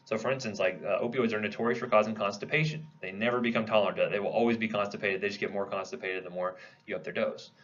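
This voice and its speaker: Fast-talking male lecturer, lo-fi recording. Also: lowish voice, steady tone, fairly bright tone. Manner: conversational, asks the class questions and answers them. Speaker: pharmacology lecturer. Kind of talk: classroom lecture.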